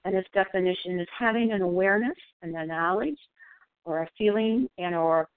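A woman sharing thoughtfully at a recovery meeting by phone, pausing with fillers. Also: lowish voice, clean tone, dry recording. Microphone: phone call. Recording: dry phone-line audio.

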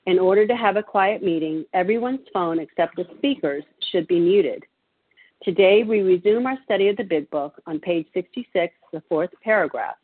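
Husky lady reading meeting rules, steady, sounds like a phone call. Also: lowish voice, moderate pace. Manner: steady, procedural. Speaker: meeting chair. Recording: tinny phone line.

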